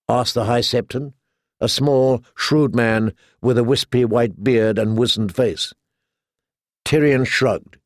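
This is scripted audiobook narration from a man with a mid-range voice, told in a steady, measured storytelling style. The sound is clean studio audio without any room tone.

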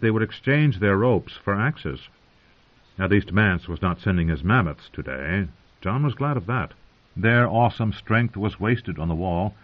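Grave male fantasy narrator, low voice, lo-fi phone-like sound. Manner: measured, grave storytelling. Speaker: audiobook narrator. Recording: tinny phone-like audio.

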